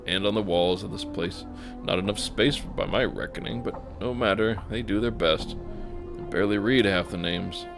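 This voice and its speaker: A man's voice: low-pitched, moderate pace, gravelly, over music. A man voicing a weary, plain-spoken mourner of the dead who talks in a folksy, rueful way.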